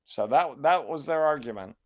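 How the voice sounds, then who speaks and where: An older man, a New Testament scholar, answering interview questions in a measured, reflective way with frequent restarts. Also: on the high side, expressive, a little mellow. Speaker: New Testament scholar and Bible translator, guest.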